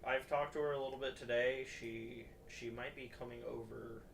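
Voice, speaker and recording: Young male podcast guest, bright voice, halting stuttery storytelling, sits back from the mic. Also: mid-range voice, steady tone, creaky, distant mic, a little hiss or hum. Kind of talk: casual storytelling.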